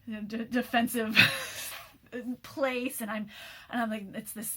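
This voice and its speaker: A woman's voice: on the high side, slow pace, sharp tone. A woman in her forties, tired after a sleepless night, talking candidly in a rambling personal message with frequent restarts and light laughter. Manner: laughs often mid-sentence. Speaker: program host.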